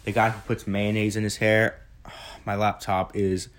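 A man's voice: lowish voice, little pitch movement, measured pace, fairly bright tone. A young man in his late teens answering questions in a casual vlog, rambling and correcting himself, recorded on a phone. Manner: rambling, self-correcting, chatty.

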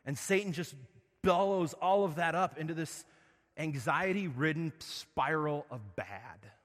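A man preaching a sermon, asking his listeners questions and swinging between loud emphasis and quiet, low passages. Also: measured pace, long reverb tail. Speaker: pastor.

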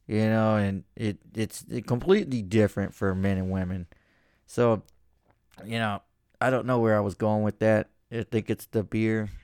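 A man's voice: fairly low pitch, steady tone, moderate pace, darkish tone, smooth, dry recording, studio quality. A man hosting a podcast in casual chat, rambling and swearing freely. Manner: profane, rambling. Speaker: podcast host.

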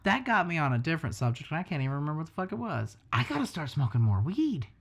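A man's voice: a little high, very animated, fast talker, creaky. Joking, foul-mouthed male podcast host. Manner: joking, profane, rambling. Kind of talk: casual chat on a livestreamed podcast.

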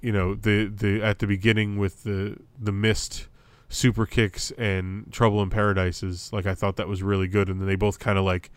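This young man co-hosts a wrestling review podcast in a lowish, level voice that is clear and resonant, at normal speed on a dry recording. His chat is casual and rambling, with many fillers and restarts.

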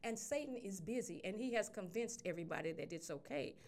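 A woman's voice: mid-range voice, brisk, slight background noise. A middle-aged woman, telling a story in casual radio chat and acting out the quotes. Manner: animated storyteller, acts out quotes.

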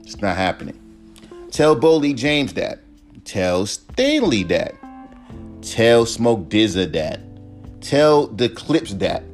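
A man's voice: lowish voice, very animated, slow, pauses often, soft background music. A young man, a rapper hosting his own podcast, ranting alone with heavy profanity and mocking imitations of his critics. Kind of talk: solo podcast rant.

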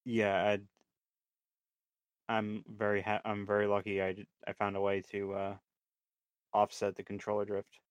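A man co-hosting a podcast in casual chat, with dry, terse, deadpan remarks. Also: fairly low pitch, moderate pace, pauses often, smooth, no echo. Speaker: podcast co-host.

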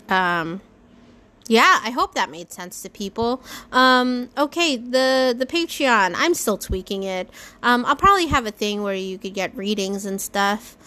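A woman's voice: medium pitch, fairly bright tone. A woman hosting her own podcast in a casual solo monologue. She rambles, swears freely, and talks herself through restarts. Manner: rambling, swears freely, lots of fillers and self-talk. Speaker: podcast host.

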